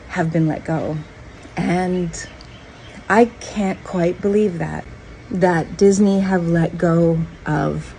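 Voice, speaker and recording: A woman giving earnest, measured commentary to camera. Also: sits low, warm tone, slight background noise, rough recording. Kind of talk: social media commentary.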